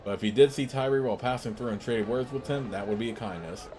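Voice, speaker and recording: An overworked female innkeeper, anxious and humble, apologizing often and deferring to her guest, as a man reads her out. Her talk is timid and careful. The pitch stays at a plain middle level. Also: fast, darkish tone, natural voice.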